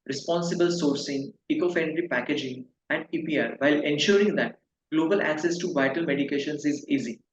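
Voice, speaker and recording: A man in his fifties who directs a pharma consultancy answers interview questions haltingly, full of fillers and restarts. His pitch is fairly high. The recording sounds echoey and dull, with faint noise.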